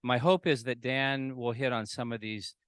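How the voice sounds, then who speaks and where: A male presenter speaking in a measured, calm way, pausing on um's. His voice is smooth and resonant, at a middle pitch, with a dry, close sound. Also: dry recording. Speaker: trainer. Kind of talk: presentation talk. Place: large ballroom with a live audience.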